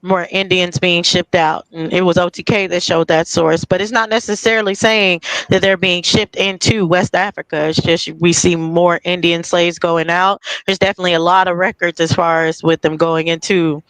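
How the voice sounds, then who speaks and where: Male panelist, high flat smooth voice, careful and measured. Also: no echo, poor audio. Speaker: podcast panelist. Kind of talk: casual discussion.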